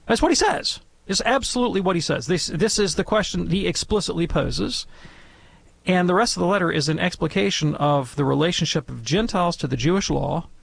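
A man's voice: fairly high pitch, vocal fry. A man answering listeners' questions as a theology expert on a call-in radio show, speaking emphatically and repeating phrases for stress.

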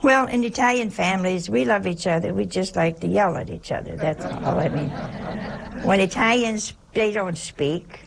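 A woman's voice: mid-range voice, normal speed, creaky, slight background noise. A woman, a religious sister, giving a sermon in an emphatic way, posing rhetorical questions and dropping at times into a whisper.

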